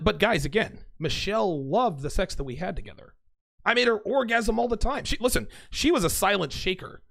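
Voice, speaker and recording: A man's voice: mid-range voice, creaky, fairly bright tone. A man hosting a solo talk show, speaking bluntly and profanely as he reads text messages aloud. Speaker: host. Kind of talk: monologue to camera.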